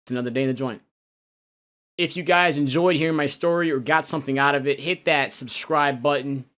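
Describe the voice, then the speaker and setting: A young man telling his own story in a loose, halting way, full of restarts and casual slang. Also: on the high side, fairly even intonation, a bit bright. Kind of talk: personal storytelling.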